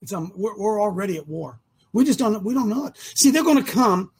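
A man's voice: high voice, animated, brisk, darkish tone, husky. An older man hosting an opinionated talk show, emphatic and firing rhetorical questions at his listeners.

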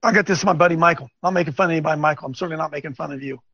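A man hosting a Bible teaching show, preaching informally to camera in an animated, rambling way with folksy asides. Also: fairly high pitch, rapid-fire, no echo, muffled recording. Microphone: on camera, wearing glasses.

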